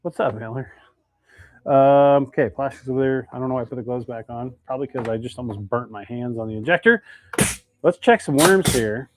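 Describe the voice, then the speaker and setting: A man's voice: medium pitch, a little fast. Chatty man hosting a live stream. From Idaho, United States. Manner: chatty, reads viewer comments aloud. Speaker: live stream host making fishing baits. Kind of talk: casual live stream chat.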